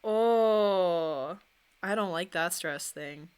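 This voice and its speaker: A woman's voice: on the low side, extremely slow, clean tone. Young woman streamer, rambling casual chat, answers viewers as she paints.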